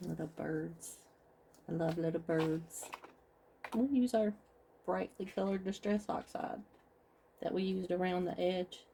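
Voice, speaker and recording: Mellow, low-voiced woman crafting on camera. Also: steady tone, unhurried, vocal fry, pauses often, slight background noise. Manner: chatty, talks through each step to viewers. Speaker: craft vlogger. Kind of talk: casual craft tutorial chat.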